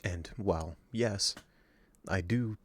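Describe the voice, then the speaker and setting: A weary male game streamer chats with his viewers in a flat, low-energy way. He speaks slowly, as if worn out from a long day. His voice sits slightly on the low side. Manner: low-energy, dry delivery. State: very tired. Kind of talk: casual stream chat.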